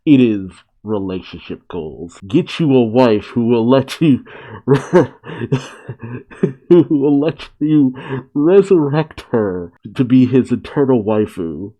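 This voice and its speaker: A man's voice: mid-range voice, big pitch swings, slow, warm tone. A man hosting an anime reaction, talking casually and gushing, laughing often and openly emotional.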